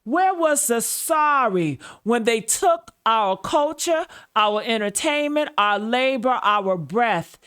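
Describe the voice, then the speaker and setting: A woman's voice: on the high side, animated, slow pace, hardly any pauses, a bit bright, clean tone. A woman host giving a scripted commentary monologue, preacher-like and full of repeated phrases.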